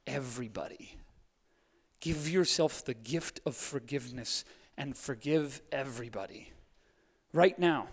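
A man preaching a sermon, moving between quiet hushed lines and fired-up urging, with a playful streak. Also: fairly high pitch. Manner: playful, laughs at his own jokes. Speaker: pastor. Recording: long hall reverb.

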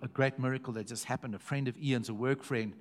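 A middle-aged man preaching a sermon, repeating phrases and swinging between hushed and loud. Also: mid-range voice, steady tone, fast. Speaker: pastor.

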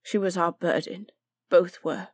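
A proud, defensive prioress answers in clipped, indignant tones, voiced by a woman. Her voice is pitched higher than the narration. It is recorded close and dry, like an audiobook. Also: animated, a little slow, dry recording. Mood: grave.

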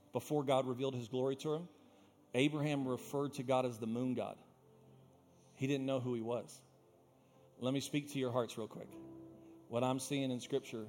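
A young adult man preaching a sermon as pastor, telling stories with loud bursts and quiet asides. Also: mid-range voice. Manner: animated storytelling, swinging between loud bursts and quiet asides.

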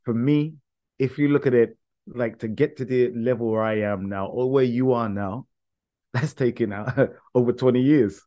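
A man co-hosting a casual podcast as a dance instructor, joking and halting with fillers. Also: mid-range voice, muffled recording.

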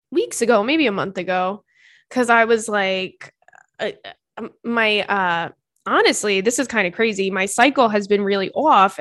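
A woman podcast host in her thirties, chatting frankly and swearing freely as she reads out listener letters. Her voice sits at an ordinary middle pitch. The sound is dry and close, with no room echo. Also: fairly bright tone. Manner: candid, swears freely, quick asides. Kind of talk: casual chat, reading listener letters.

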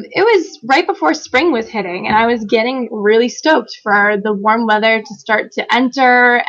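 A woman author chatting casually on a podcast, telling a personal story with lively acted-out quotes and frequent laughter. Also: fairly high pitch, muffled recording. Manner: animated storyteller, acts out quotes, laughs often. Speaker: guest author.

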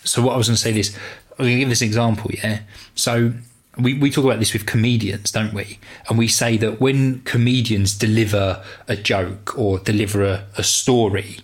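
A podcast co-host with a lowish voice chats casually at a moderate pace. He sounds relaxed and rambles, using plenty of fillers.

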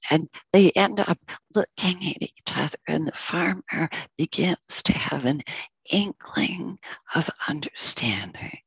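A teacher telling a parable in a slow, soft, often whispered teaching talk. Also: medium pitch, expressive, gravelly, slightly rough, no room sound, lo-fi sound.

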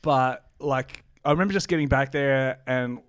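A man's voice: medium pitch, normal speed, smooth. A young man co-hosting a podcast, joking and laughing through cheeky stories. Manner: cheeky, laughing, self-mocking. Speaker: podcast co-host. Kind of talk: casual podcast banter.

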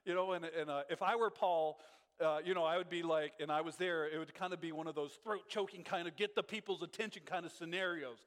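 A fairly high-pitched man gives a casual, animated sermon, breaking into laughter and playing out the lines he quotes. His voice rings with a long reverb from a church hall. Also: brisk. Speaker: pastor teaching a Bible class. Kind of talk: informal sermon.

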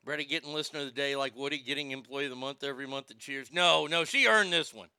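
Brief: male show host, sharp bright tone, dry close sound, profane irreverent comedic commentary. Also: mid-range voice, fast talker, clean tone, no room sound.

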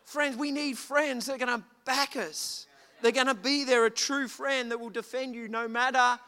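A man preaches a sermon in a high, bright voice, telling stories with animation and rising to shouts. His voice rings through a church hall with a long reverb tail. Soft music sits faintly behind him. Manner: animated storytelling, shouting at peaks.

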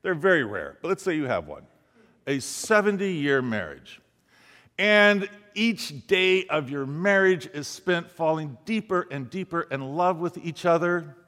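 A man's voice: a little high, animated, measured pace, a bit bright. Pastor guy preaching, tells stories and does the voices, long echo like a big church hall. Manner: storytelling, acts out quoted speech. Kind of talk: sermon.

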